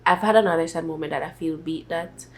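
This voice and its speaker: A young woman vlogger in a casual sit-down chat, talking softly and rambling with many filler words. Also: deep voice, quick pace, slight background noise.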